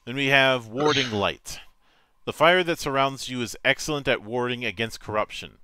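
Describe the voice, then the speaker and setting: A man acting as game master, reading tabletop game rules aloud in a measured, matter-of-fact way with small stumbles. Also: mid-range voice, bright, forceful tone, clean tone, dry recording.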